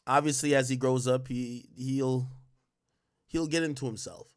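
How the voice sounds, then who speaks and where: Animated, slangy man reacting on stream. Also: medium pitch, measured pace, clear, resonant tone. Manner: animated, slangy, profane, thinking out loud. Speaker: livestream commentary host. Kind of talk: live-stream reaction commentary.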